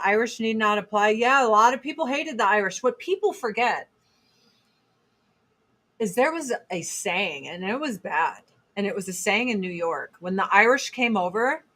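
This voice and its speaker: A woman's voice: mid-range voice, fairly bright tone. Female host, 40s, blunt and rambling, swears freely, casual chat stream voice.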